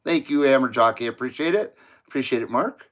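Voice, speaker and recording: Chatty man with a lively voice. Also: mid-range voice, a little fast. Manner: rambling, laughs often, reads comments aloud. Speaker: livestream host reading viewer chat. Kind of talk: casual chat.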